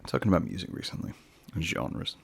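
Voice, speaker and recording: Here a podcast host talks casually by himself, wandering from thought to thought and mocking himself now and then. His voice sits low and is gravelly and slightly rough, with big pitch swings and a quick pace.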